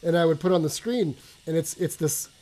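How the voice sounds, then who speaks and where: Animated, storytelling man, slightly high voice. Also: a little fast, rough recording. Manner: animated storyteller, swears casually, frequent restarts. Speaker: co-host. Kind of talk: casual chat. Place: home basement. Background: faint hum of a water softener.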